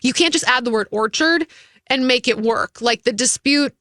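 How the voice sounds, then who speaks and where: A woman's voice: fairly high pitch, moderate pace, fairly bright tone, no echo. A woman from Minnesota co-hosting a casual radio gossip chat, talking chattily and acting out quotes in voices. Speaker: radio show co-host.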